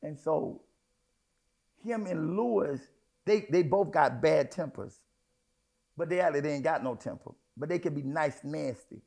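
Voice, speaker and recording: Gravelly high-voiced man preaching. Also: animated, unhurried, pauses often, warm tone. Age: middle-aged. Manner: conversational preaching with sudden emphatic outbursts. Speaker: pastor. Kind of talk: sermon.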